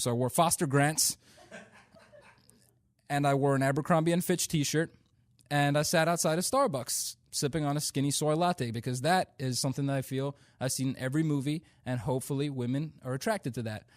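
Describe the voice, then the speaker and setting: A man's voice: mid-range voice, fairly quick, no room sound, clean studio sound. Self-deprecating young man doing stand-up. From India. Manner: self-deprecating, playful storytelling. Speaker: stand-up comedian. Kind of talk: stand-up comedy routine.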